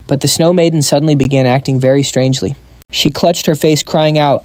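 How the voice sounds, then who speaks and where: Man, comic recap narrator, brisk, slightly high voice, mellow tone. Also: steady tone, no echo.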